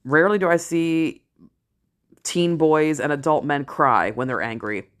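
A middle-aged woman talking straight to camera in a casual vlog, blunt and candid, swearing freely and slowing down to stress key phrases. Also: low-pitched. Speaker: vlogger, parent and ER worker. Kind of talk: casual talking-head commentary.

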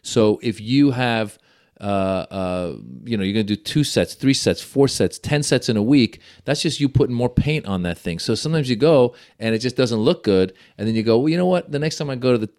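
Middle-aged man, comedian guest, casual chat, animated storytelling, average pitch. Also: a little fast. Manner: animated storyteller, acts out quoted voices.

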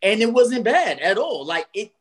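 A man's voice: high voice, sing-song, normal speed. A man co-hosting a podcast, blunt and skeptical, swearing casually in a debate. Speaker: podcast co-host.

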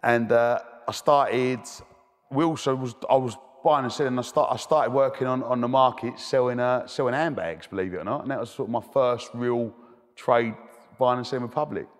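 A man's voice: mid-range voice, normal speed. Man, cheeky chatty storyteller, guest in a debating hall, long reverb. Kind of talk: telling anecdotes in interview.

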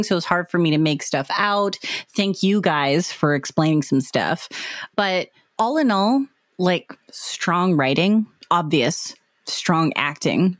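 Slow-talking woman, dry close sound. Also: lowish voice, dry recording. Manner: teasing, laughing, slow and jokey. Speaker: podcast co-host. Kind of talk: casual chat.

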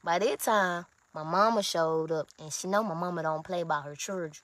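A young woman telling a heated story in a rant, swearing often and breaking into loud outbursts. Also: lowish voice, fairly quick, dry recording.

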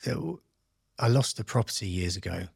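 A man's voice: lowish voice, a little fast, gravelly, slightly rough, no room sound, studio quality. A man in his thirties from England, telling his life story in a casual interview and acting out other people's lines. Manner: animated, acts out quoted voices. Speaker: podcast guest, entrepreneur.

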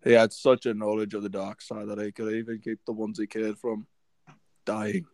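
Guy doing creepy old evil emperor voice, slow and draggy, dry mic. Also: on the low side, vocal fry, a little mellow, no echo, pitched below the performer's own voice. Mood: menacing. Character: sinister old male Sith emperor, slow and menacing.

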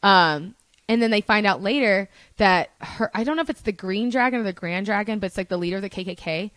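A woman's voice: medium pitch, a little fast, fairly bright tone, dry recording. A young woman, a podcast guest, chatting casually and telling rambling stories with laughter and swearing. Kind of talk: casual chat.

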